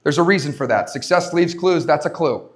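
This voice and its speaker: A man giving an energetic motivational talk to a live audience at a leadership summit, repeating his points and asking the crowd questions. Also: a little high, fairly quick. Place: conference stage before a live audience.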